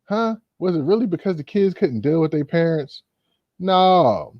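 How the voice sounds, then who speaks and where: A man's voice: fairly high pitch, very animated, moderate pace, no echo. A man hosting a casual commentary, rambling with many fillers. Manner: rambling, full of "you know" fillers. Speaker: host. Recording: dull, lo-fi.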